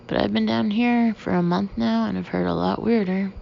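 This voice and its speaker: A man's voice: high voice, fairly even intonation, moderate pace, vocal fry, muffled recording, a little hiss or hum. A woman narrator voicing an easygoing young male beach bum with a Texas accent, in a storybook. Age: young adult. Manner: easygoing, drawling, friendly.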